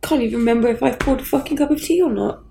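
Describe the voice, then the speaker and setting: Grieving woman guest, high gravelly voice, halting, blunt, near tears. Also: dark tone, echoey room, low-quality recording. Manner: halting, raw, swears bluntly. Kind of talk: candid conversation.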